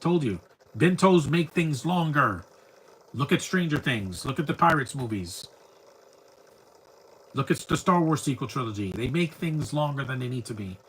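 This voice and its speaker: A man's voice: medium pitch, expressive, moderate pace, a bit bright, slight background noise, poor audio. A man giving live, rambling commentary over a movie, talking back at the screen bluntly and often stumbling over repeated words. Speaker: film commentator.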